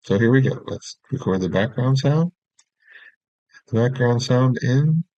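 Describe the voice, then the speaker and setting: A man teaching audio production, explaining each step in a relaxed way and checking in with "okay". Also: mid-range voice, measured pace, no room sound. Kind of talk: screen-recorded software tutorial. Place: small room at his desk. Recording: dry, dull lo-fi recording.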